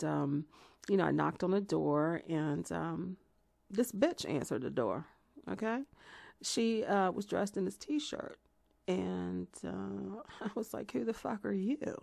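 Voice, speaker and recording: A woman plays a brash, obsessive woman who rambles and gossips, her low voice rough and gravelly. She swings from chatty to shrill outrage, recorded close and dry for an audio drama. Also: no echo. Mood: indignant. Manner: chatty, filler-heavy, swings to shrill indignation. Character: brash, unhinged woman smitten with a lover. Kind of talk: monologue in an amateur audio drama.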